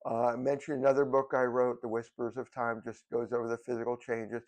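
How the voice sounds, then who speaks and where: A man's voice: mid-range voice, little pitch movement, a little fast, darkish tone. An older man, a hospice nurse, talking casually to the camera, rambling with many fillers and restarts. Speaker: hospice nurse training as a death doula.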